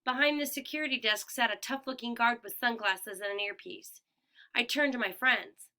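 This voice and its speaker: A woman narrating a first-person audiobook in a clear, expressive storytelling manner. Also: on the high side, moderate pace. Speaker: audiobook reader.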